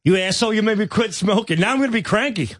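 Sheepish forties male sidekick, giggly crude banter, fairly high voice, dry mic. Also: animated, fast talker, a bit bright, no room sound. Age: 40s. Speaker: radio show regular.

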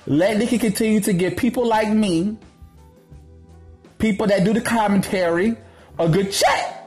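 A man ranting in a gossip commentary vlog, brash and profane, with a sassy, sharp-tongued delivery. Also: high voice, moderate pace, faint music behind.

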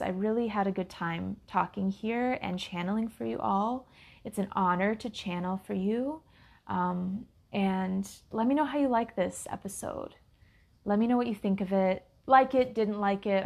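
Gravelly-voiced woman hosting a spiritual podcast. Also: mid-range voice. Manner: slow, relaxed, with frequent ums. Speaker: podcast host and intuitive health coach. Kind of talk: casual podcast monologue.

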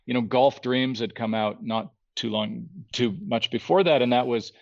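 A man telling a story as a podcast guest, animated, restarting his sentences and acting out the people he quotes. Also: medium pitch, normal speed, vocal fry, muffled recording. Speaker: guest artist.

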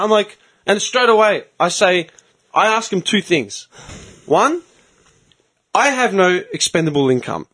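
A young man hosts a podcast in loose, profane chat. He tells stories with a lively, swooping, fairly high voice, slipping into the voices of the people in them. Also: normal speed, pauses often. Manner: animated storytelling, swearing, acting out other people's lines. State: tired from early work. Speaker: podcast host.

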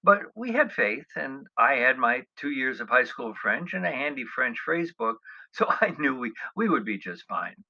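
Middle-aged man, sharp bright tone, dry self-mocking storyteller, dull lo-fi recording. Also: mid-range voice, big pitch swings, moderate pace. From United States. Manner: wry, self-mocking, chuckling asides. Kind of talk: humorous personal travel storytelling.

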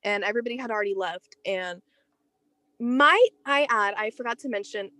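A young woman in her teens, a guest in a casual interview, telling a personal story in an animated, chatty way with lots of "like.". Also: medium pitch, normal speed, no room sound.

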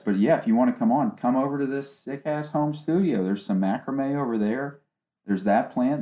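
A man's voice: lowish voice, darkish tone. A young man hosting his own podcast alone in a small home studio, talking casually and ranting with sarcasm. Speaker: podcast host. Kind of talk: solo casual podcast talk. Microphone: one omnidirectional microphone.

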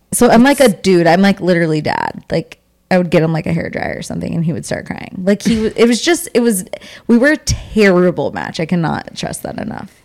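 A woman's voice: mid-range voice, animated, fast talker, darkish tone. A young woman co-hosting a podcast, chatting casually and animatedly with lots of fillers. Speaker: podcast co-host. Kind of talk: casual chat.

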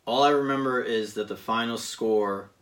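A man chatting casually, rambling and pausing with many fillers as he recounts a season of a football video game. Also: mid-range voice, a bit bright, recorded from a distance. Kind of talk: casual chat.

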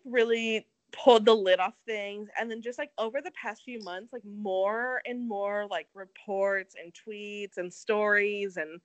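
A woman's voice: mid-range voice, no room sound, poor audio. A young woman casually chatting as a podcast co-host, telling a story with lots of "like" and acting out quotes. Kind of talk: casual chat.

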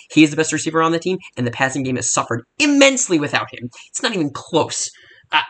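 A man's voice: medium pitch, fairly bright tone. A young man hosting a casual football podcast, ranting in a heated, profane, rambling way with frequent restarts. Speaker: podcast host.

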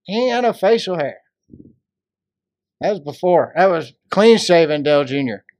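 A high-voiced man trades jokes and folksy slang as a podcast co-host. The sound is close and dry, with no room echo. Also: lively intonation, moderate pace, darkish tone. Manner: joking, folksy Southern slang. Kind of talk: casual chat.

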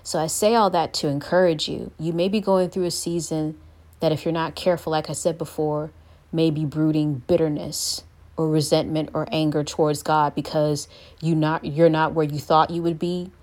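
Low-voiced earnest woman giving a devotional talk. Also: little pitch movement, moderate pace, a little mellow. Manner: earnest, acts out quoted voices. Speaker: Christian speaker.

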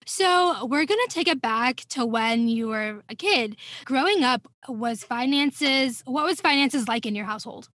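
A woman's voice: high-pitched, expressive, a little slow, hardly any pauses, a bit bright, no room sound. A woman hosting her podcast, talking casually in an upbeat, chatty way with playful emphasis. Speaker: podcast host.

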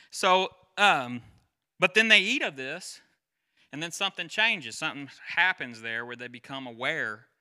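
A pastor in his forties giving a conversational sermon, chatty and quick to quiz the congregation and wander off on side stories. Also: medium pitch, sharp tone, smooth. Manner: chatty, asks the crowd questions, goes off on tangents.

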